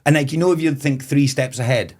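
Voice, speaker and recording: A man's voice: mid-range voice, a little fast, darkish tone. A man of around forty from Moray in Scotland, a festival owner telling stories as a guest in a casual podcast chat. He rambles, swears freely and laughs often.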